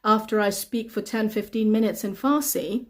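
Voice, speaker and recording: A woman's voice: mid-range voice, steady tone, normal speed. A woman English teacher answering learners' questions on a live stream, reading their comments aloud and explaining things patiently with lots of repetition.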